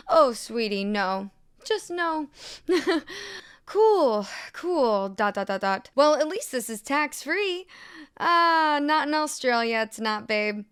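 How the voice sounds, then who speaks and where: A woman's voice: mid-range voice, fairly bright tone, smooth. A woman hosting a reading show who reads posts aloud and comments with sarcasm, laughing often. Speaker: host reading online posts.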